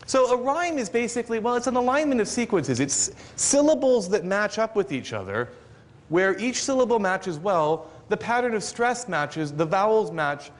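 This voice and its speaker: A man, a university professor, giving an explanatory lecture to an audience with a light joking touch. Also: high-pitched. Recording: long reverb of a lecture hall.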